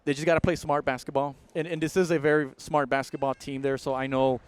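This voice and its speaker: A man providing color commentary on a basketball game, relaxed and analytical with some filler words. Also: a little high, fast talker, clear, resonant tone.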